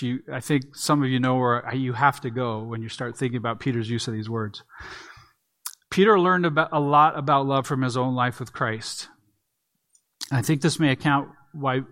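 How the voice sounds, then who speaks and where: A man's voice: mid-range voice, a bit bright. Man preaching an expository sermon. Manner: expository, conversational teaching with restarts. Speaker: pastor.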